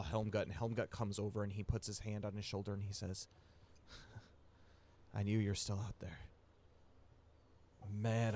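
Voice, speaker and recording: A man running a tabletop game as game master, narrating scenes in a hesitant way with frequent pauses and restarts. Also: on the low side, a little mellow, a little hiss or hum. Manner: hesitant, many fillers and restarts while describing.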